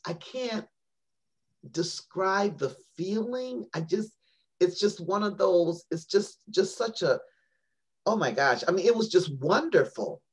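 On an interview show, a poet and author recounts a lengthy personal story in a lively, wandering way, with many fillers and false starts. Her voice is lowish and husky.

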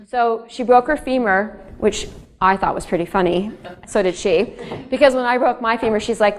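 A woman's voice: a little high, moderate pace. A woman author giving a public lecture and reading in a museum hall, telling chatty stories, laughing between them and putting questions to the audience.

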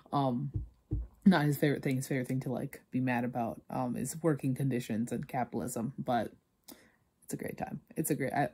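Low, husky woman chatting casually. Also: warm tone. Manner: rambling, chatty, many fillers. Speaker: writer vlogging her progress. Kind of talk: casual chat.

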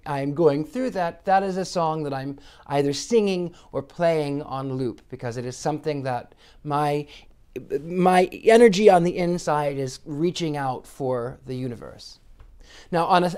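A man's voice: on the high side, a little mellow, smooth. A man, a psychic, speaking earnestly in a reflective monologue, with frequent restarts. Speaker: psychic sharing personal reflections.

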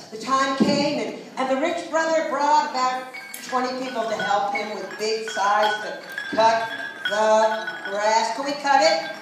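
A woman storyteller telling a folk tale live, animated and coaxing listeners to join in. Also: fairly high pitch, slow, background noise. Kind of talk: live participatory storytelling for children. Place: live performance space. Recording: echoey live room, far mic, instrument music.

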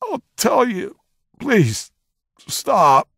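A desperate captive man cries out in a pitch far above his natural register, voice strained and sobbing with pain. The audiobook recording is dry and close. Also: big pitch swings, drawn-out words, gravelly, dry recording, heavily acted. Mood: begging. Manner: high strained pleading cries. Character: terrified captive man under torture, begging.

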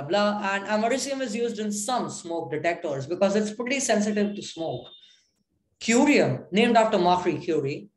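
A woman narrating a casual science lesson, listing facts in a chatty, playful way with quick asides. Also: mid-range voice. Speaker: educational channel presenter. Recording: roomy echo.

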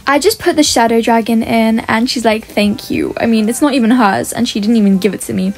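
Woman, gaming-channel host, higher register; chatty play-by-play that reads out chat messages. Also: fast talker. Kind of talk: gameplay commentary.

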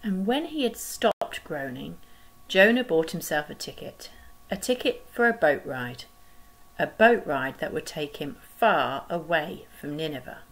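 A woman leads a school worship video, telling a Bible story to children. She speaks very slowly with a gravelly, creaky texture. The pauses between phrases are gentle and expressive. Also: sits low, slight background noise, rough recording. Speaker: school staff leading collective worship.

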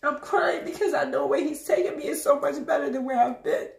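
A woman's voice: sits high, steady tone, fairly quick, vocal fry, roomy sound. A woman preaching an emotional testimony while crying, repeating herself and urging her listeners on. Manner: emotional, repetitive, exhorting. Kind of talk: tearful spoken testimony.

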